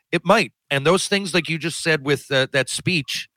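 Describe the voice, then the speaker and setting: A man hosting a casual chat, his voice bright and forceful with a dry, close sound. He drops into a low easy tone and swears casually. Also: a little slow, dry recording.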